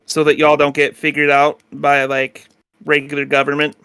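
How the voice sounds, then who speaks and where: A man's voice: a little high, monotone, normal speed, sharp tone, clean tone, no room sound, studio quality. A young man narrating as game master in a tabletop game, casual and rambling, with lots of filler words. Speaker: dungeon master.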